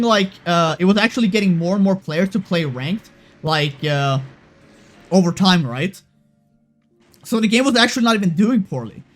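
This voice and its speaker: A young man streamer ranting casually to his chat, heated and profane, with lots of fillers and restarts. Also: sits high.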